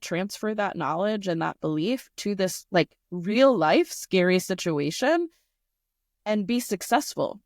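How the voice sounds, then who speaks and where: In a mid-range voice, a female teacher who co-hosts a podcast chats loosely about something from her classroom, telling it with animated energy and plenty of "like" fillers. There's no echo, and the sound is studio quality.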